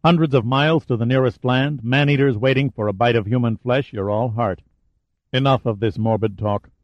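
A man's voice: mid-range voice, normal speed, dry recording, dull audio, close to an everyday voice. A man voicing a defiant adventurer who taunts and mocks his captor with sarcasm. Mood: growling.

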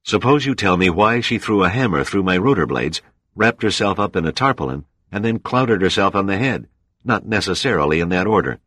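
A man's voice: low voice, lively intonation, a little fast, a bit bright, dry recording, voice pushed up. A man voicing a weary helicopter pilot in an audiobook, curt and defensive.

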